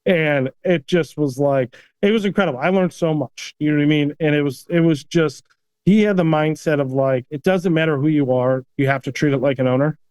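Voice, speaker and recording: A man, a chef and restaurant owner, telling stories casually in an animated way, often tagging "you know what I mean.". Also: on the high side, a little fast, clear, resonant tone, no echo. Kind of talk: casual storytelling.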